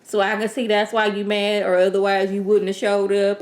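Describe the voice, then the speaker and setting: A woman casually reviewing a TV episode in a sassy, animated, rambling way. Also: medium pitch, moderate pace, hardly any pauses. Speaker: TV show reviewer. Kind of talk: casual chat.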